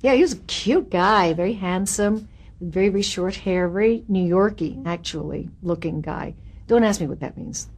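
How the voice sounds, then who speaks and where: An older woman, an actress, telling animated and self-mocking anecdotes from her career in an interview, laughing at her own stories. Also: fairly low pitch, moderate pace.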